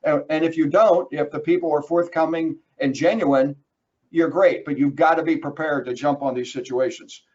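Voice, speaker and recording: A man leads a webinar in an emphatic, direct way, talking to his listeners as folks. His voice sits a little high. The sound is muffled and lo-fi, as if it came through online meeting audio. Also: fairly even intonation, moderate pace, darkish tone. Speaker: webinar presenter on trucking risk. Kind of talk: webinar presentation.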